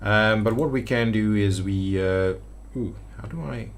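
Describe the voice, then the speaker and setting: A man's voice: fairly low pitch, a little slow, hardly any pauses. A man giving gameplay commentary on a city-building game, thinking aloud with hesitant restarts as he builds. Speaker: city-builder video creator.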